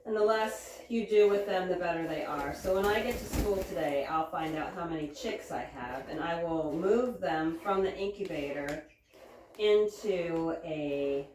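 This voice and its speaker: A woman talks casually while she milks, slipping into soft, cooing baby talk with her animals. Her voice sits a little back from the mic in a roomy barn, with faint noise behind her. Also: fairly low pitch, measured pace, distant mic. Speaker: homesteader vlogger. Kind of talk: casual chat while milking.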